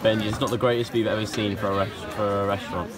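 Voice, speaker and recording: A man's voice: lowish voice, little pitch movement, very fast, over a noisy crowd, very noisy. A young man from England hosting a casual travel vlog, cheeky and teasing as he chats. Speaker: vlogger.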